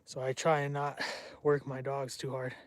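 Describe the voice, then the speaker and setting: A man's voice: mid-range voice, monotone, normal speed, no echo. A man hosting a casual outdoor Q&A on a cold property, rambling between answers and calling out to his dogs. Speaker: channel host answering viewer questions. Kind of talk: casual livestream Q&A.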